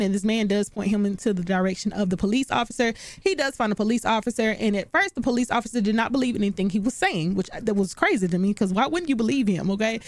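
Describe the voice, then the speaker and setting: A woman's voice: fairly high pitch, no room sound. Chatty woman doing a sitcom recap, talks right at you, dry close sound. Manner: chatty, animated, talks straight to viewers. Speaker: recap host. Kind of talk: casual recap commentary.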